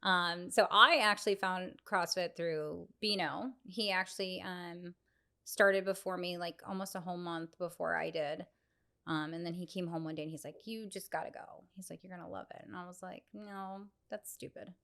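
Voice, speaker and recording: A woman's voice: normal speed, gravelly. A woman co-hosting a casual podcast chat, telling stories animatedly and acting out quotes with big jumps in her voice. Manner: animated storyteller, acts out quotes with big pitch jumps and laughs. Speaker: podcast co-host. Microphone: podcast microphone.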